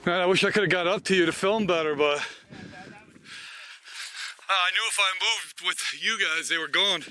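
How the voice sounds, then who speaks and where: A man's voice: high-pitched, normal speed, bright, forceful tone. A man hosting a hunting video, filming on a mountainside and joking around with his companion. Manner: teasing, laughs easily. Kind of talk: casual joking banter. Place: outdoors on a mountainside.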